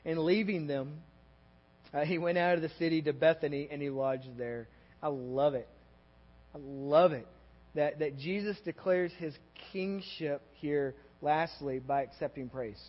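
A man with a Texan accent preaching a sermon to a church congregation, talking in a conversational, animated way, with asides and quick questions to the room. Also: on the high side. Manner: conversational and animated, with asides and audience check-ins. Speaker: pastor. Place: church sanctuary. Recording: dull audio with long hall reverb.

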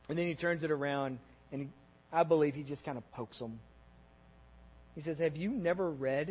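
A man with a Texan accent preaching a sermon to a church congregation, talking in a conversational, animated way, with asides and quick questions to the room. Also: on the high side. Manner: conversational and animated, with asides and audience check-ins. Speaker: pastor. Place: church sanctuary. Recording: dull audio with long hall reverb.

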